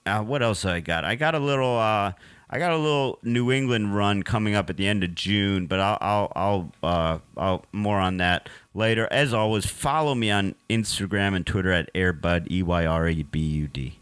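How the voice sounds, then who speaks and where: A young man hosting a comedy podcast, telling stories and plugging his shows in animated casual chat. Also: on the low side, normal speed, clean tone, no echo.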